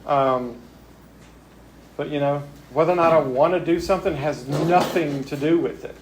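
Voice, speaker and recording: A man's voice: a little high, moderate pace, background noise. A man giving a reflective, plain-spoken recovery talk as a speaker at a men's spiritual retreat. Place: retreat gathering.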